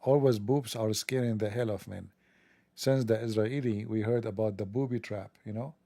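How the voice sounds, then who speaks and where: A man with a gravelly, creaky voice and a dark, mellow tone runs a sarcastic monologue on his livestream. He mocks and jokes throughout, and the sound is dry and close with no room echo. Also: lowish voice, steady tone, normal speed. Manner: sarcastic, joking, mocking. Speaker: livestream host. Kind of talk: mocking monologue.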